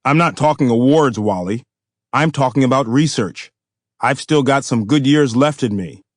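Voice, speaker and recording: A man doing a gruff, modest old scientist. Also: mid-range voice, moderate pace, no echo, studio quality, close to an everyday voice. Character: modest older male scientist, dry and gruff.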